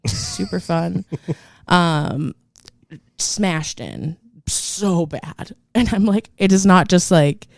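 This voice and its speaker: A woman co-hosting a podcast, telling a story in a rambling, animated way full of fillers. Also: fairly low pitch, extremely slow, creaky, no echo, clean studio sound. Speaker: podcast co-host. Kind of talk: casual storytelling chat.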